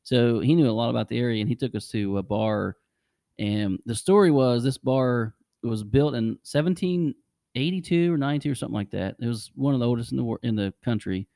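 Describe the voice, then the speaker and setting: A man's voice: mid-range voice, brisk, vocal fry, warm tone, no echo, clean studio sound. A man hosting a podcast, rambling casually through travel stories and chuckling often. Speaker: podcast host. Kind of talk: casual chat.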